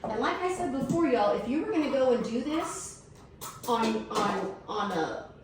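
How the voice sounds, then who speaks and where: A middle-aged woman, telling a blunt, animated story while setting a table. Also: a little high, normal speed, far from the mic, noisy background. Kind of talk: casual storytelling chat. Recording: echoey room, voice from off the mic.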